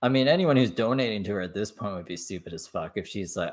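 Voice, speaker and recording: A man's voice: lowish voice, lively intonation, fast. A man hosting a reaction commentary, cutting in with mocking, sarcastic remarks. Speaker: commentary host.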